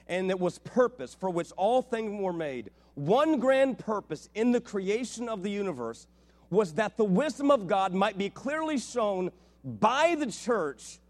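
A preacher man with a high, lively voice gives a sermon, dropping to a hush and then climbing back up. His words ring out with a long reverb, as if spoken in a church hall. He mixes scripture with family stories. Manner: animated, swings from hushed to loud, tells family anecdotes. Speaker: pastor.

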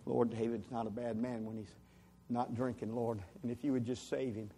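Give me a man doing a timid young mother, pleading softly in a husky tone. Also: medium pitch, level tone, normal speed. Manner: hesitant, pleading.

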